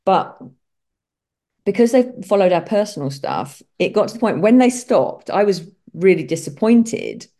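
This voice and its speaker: A middle-aged woman with a Kent accent, a vet chatting as an interview guest and telling lively stories. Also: medium pitch, moderate pace. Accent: Kent English. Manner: chatty storyteller, acts out quoted voices. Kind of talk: casual interview chat.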